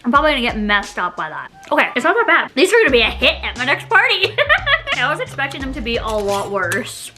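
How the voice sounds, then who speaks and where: A young woman chatting to camera in a casual vlog, giggly and dramatic with quick reactions, at home in her kitchen. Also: high-pitched, huge pitch swings, pushed and bright, soft background music. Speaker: vlogger.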